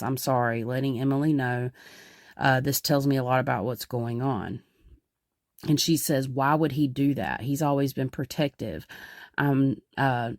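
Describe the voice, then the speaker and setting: A woman's voice: rumbling low, dry recording, studio quality. A woman podcast host and medium, talking casually in an earnest, rambling way with many fillers.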